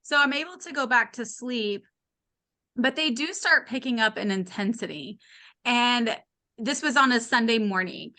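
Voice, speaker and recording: A woman's voice: on the high side, normal speed. A woman in her late thirties or forties, a podcast guest telling a frank, funny personal story and acting out the voices of the people in it. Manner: animated, acts out the voices of others in her story; candid and frank, with a wry humor. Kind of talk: casual storytelling.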